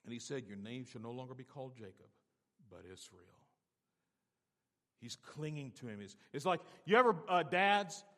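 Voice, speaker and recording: A man's voice: medium pitch, expressive, moderate pace, pauses often. Preaching man in a reverberant hall. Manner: preaching with big swings from quiet to loud; repeats key phrases for emphasis. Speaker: pastor. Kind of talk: sermon.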